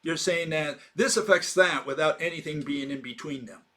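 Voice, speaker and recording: A man talks through an informal physics argument in a slightly higher voice. He is emphatic and argumentative, leaning on rhetorical questions and filler words as he builds his point. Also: normal speed, pushed and bright. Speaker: lecturer. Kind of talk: informal explanatory monologue.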